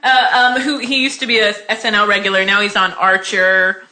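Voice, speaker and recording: A woman's voice: medium pitch, fairly quick, bright, forceful tone. A woman co-hosting a casual podcast chat, playful and giggly as she tells stories. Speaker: podcast co-host. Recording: echoey room with faint noise.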